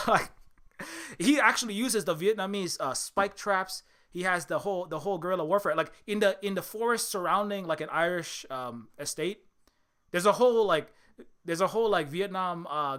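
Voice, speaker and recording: Male video commentator, rambling delivery full of fillers, bright tone. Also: sits high, moderate pace. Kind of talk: casual film commentary.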